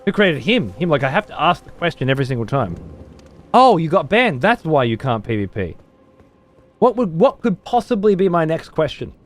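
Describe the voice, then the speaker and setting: A man streams a video game at a moderate pace, his voice on the high side with big pitch swings, soft music in the background. His live commentary includes profanity-heavy rants aimed at his chat.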